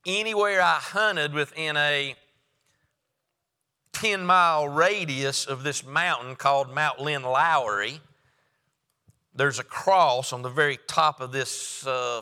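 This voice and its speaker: Male preacher, fairly high and very bright tone, folksy storyteller, reverberant church hall. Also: clear, resonant tone. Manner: folksy storytelling with loud emphatic rises. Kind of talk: sermon.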